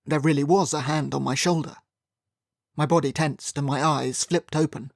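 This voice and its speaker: Gravelly guy reading an audiobook first person, dry wry tone, dead-dry room. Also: on the high side, steady tone, normal speed, dry recording. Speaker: audiobook narrator.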